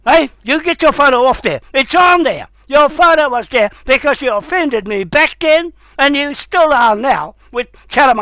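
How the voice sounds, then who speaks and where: A man delivering a heated, confrontational rant, swearing and breaking into shouts. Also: extremely high pitch, no room sound, rough recording. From New Zealand. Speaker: vlogger. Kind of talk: angry ranting monologue.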